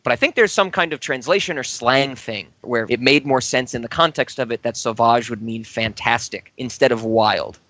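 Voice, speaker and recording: A man's voice: medium pitch, moderate pace, few pauses, a bit bright, no echo. A man co-hosting a casual film podcast, rambling and teasing his co-host.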